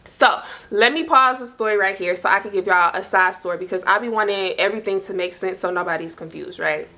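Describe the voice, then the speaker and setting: Bright-voiced fast-chatting young woman. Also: mid-range voice. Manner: chatty, slangy, talks fast and loops back with asides. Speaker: storytime vlogger. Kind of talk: casual storytelling to camera.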